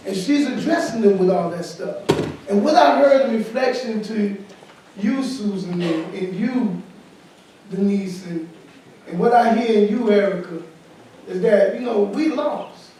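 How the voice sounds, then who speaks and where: A man's voice: high-pitched, unhurried, dark tone, slight background noise. A man who is a pastor, giving candid, informal remarks on a panel at a summit. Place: conference room at a summit. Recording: echoey hall, from far off.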